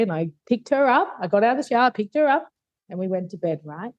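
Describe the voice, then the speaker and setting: A woman's voice: mid-range voice, animated, moderate pace, darkish tone, no room sound, dull audio. A woman, a podcast guest, telling her life story openly and earnestly, acting out remembered dialogue. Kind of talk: candid life story in conversation.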